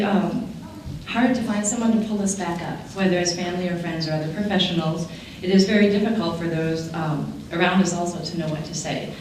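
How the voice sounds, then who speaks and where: A woman with a fairly low voice gives an earnest, heartfelt introduction of a keynote speaker. She speaks in a formal speech style. The sound is very roomy and distant, with clear background noise from the hall. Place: large conference hall. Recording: echoey hall, distant mic, audible noise.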